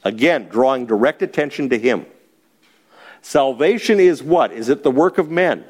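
A man's voice: medium pitch, animated, moderate pace, a little mellow. A man teaching a Bible class, explaining a passage with emphasis and putting questions to the class.

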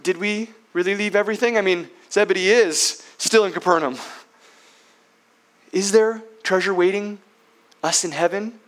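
A man's voice: high voice, moderate pace, pauses often, fairly bright tone. A man preaching puts on the voice of an earnest adult male disciple who asks plain, pleading questions and wants reassurance. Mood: uncertain.

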